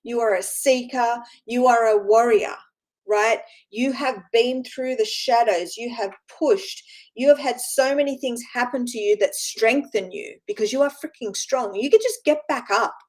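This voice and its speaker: This spiritual teacher, a woman whose voice sits fairly high, speaks informally and wanders, circling back and repeating words while tossing in a frequent "right?" to her audience. Her manner is earnest and encouraging, and the low-quality recording has a darkish tone.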